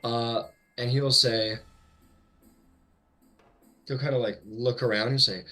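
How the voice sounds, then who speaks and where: A man's voice: medium pitch, steady tone, slow pace, pauses often, sharp tone, poor audio. A man narrating as game master of a tabletop game in a casual, rambling way. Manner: casual, many fillers and restarts.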